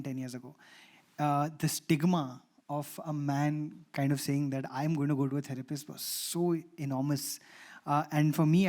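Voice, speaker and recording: An Indian English man speaks on a conference panel in a slightly high voice. He tells a personal story in an animated way and acts out the dialogue within it.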